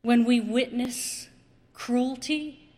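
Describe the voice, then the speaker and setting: A woman preacher delivers a sermon in a slow, drawn-out way, with pauses and repetition for effect. Her voice sits a bit high. It rings with the long reverb of a large hall. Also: fairly even intonation, darkish tone.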